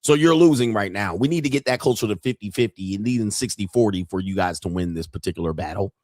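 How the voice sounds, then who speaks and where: A man's voice: fairly low pitch, fast talker, darkish tone, no echo, studio quality. A man in his fifties hosting a livestream, talking in a crude, joking, brash way. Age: 50s. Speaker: livestream host. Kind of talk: casual livestream commentary.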